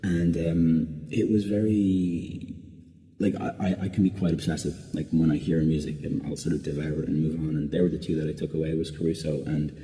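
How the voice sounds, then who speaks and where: A man's voice: extremely low pitch, level tone, fairly quick, mellow. A man, a singer being interviewed, answering casually and rambling with lots of restarts and "like" fillers. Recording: long reverb.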